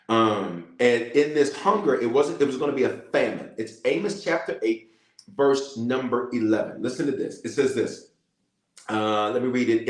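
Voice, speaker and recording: A man's voice: medium pitch, echoey room, low-quality recording. Man preaching in rhythmic repetition. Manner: casual, colloquial asides. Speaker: bishop. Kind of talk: teaching and leading prayer.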